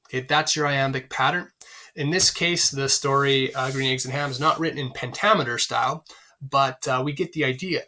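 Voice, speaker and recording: A man's voice: mid-range voice, brisk, sharp tone. A man teaching a literature lesson in a chatty way, with frequent fillers and questions to the class. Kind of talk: recorded literature lecture.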